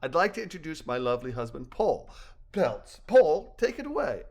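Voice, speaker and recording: A man's voice: a little high, sing-song, moderate pace, a little mellow. A man voicing a chatty woman librarian in a storybook reading. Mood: eager.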